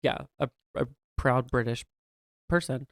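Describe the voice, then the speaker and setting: A man's voice: medium pitch, a little slow, creaky, no echo, studio quality. A man co-hosting a podcast, talking in a campy, playful, theatrical way in casual comedic chat. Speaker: podcast co-host.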